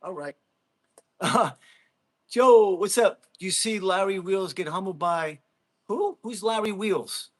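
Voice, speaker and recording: Blunt husky-voiced man ranting on livestream. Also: high-pitched, animated, slow pace, pauses often. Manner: blunt, mocking, laughs often. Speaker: livestream host reading chat. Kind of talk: casual livestream rant. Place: gym.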